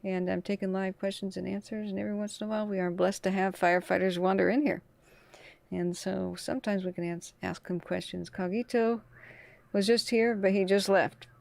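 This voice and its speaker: A woman's voice: mid-range voice, steady tone, a little fast, vocal fry, a little mellow, no room sound. A tired woman hosting a casual live wildfire stream, chatting over scanner radio. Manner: chatty, talks through radio traffic. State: tired from little sleep. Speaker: wildfire livestream host.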